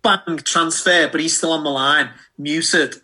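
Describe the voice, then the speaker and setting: Husky, bright man telling stories. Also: on the high side, measured pace. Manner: animated, sweary, acts out voices in anecdotes. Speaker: podcast co-host. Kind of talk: casual storytelling.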